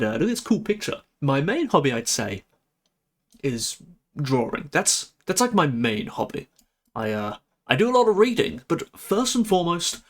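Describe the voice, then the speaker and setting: A young man chatting on a live stream, excitable, giggly and stammering as he talks. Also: on the high side. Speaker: VTuber streamer. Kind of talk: casual live-stream chat.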